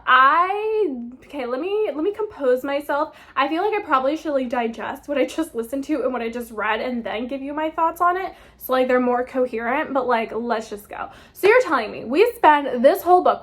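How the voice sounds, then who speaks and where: Exasperated high-voiced woman ranting about a book. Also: fairly bright tone. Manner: exasperated, heated, swears freely. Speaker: book vlogger. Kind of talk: casual ranting book review.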